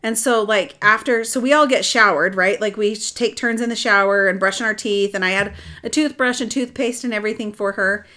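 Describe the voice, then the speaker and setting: Middle-aged lady rambling through a story, animated, lots of restarts. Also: mid-range voice, fairly quick. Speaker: adoptive mother telling her story. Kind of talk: casual storytelling chat.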